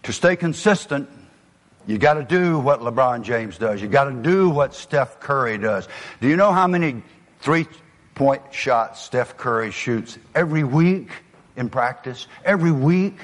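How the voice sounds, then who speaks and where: A man's voice: medium pitch, animated, measured pace. Older Southern man telling stories in a hall. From American South. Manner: storytelling, folksy, drops to a near whisper for emphasis. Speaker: motivational speaker. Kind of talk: motivational speech to an audience.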